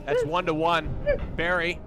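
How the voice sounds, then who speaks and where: A man's voice: fairly high pitch, steady tone, measured pace, music in the background. A man hosting a casual online dating show, stumbling over names and keeping things loose and joking. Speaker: show host.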